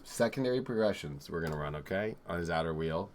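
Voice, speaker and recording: A man hosting a live astrology show, talking in a rambling, excitable and profane way, swinging from loud outbursts to low mutters. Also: fast, a little hiss or hum. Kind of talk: live-streamed casual astrology talk.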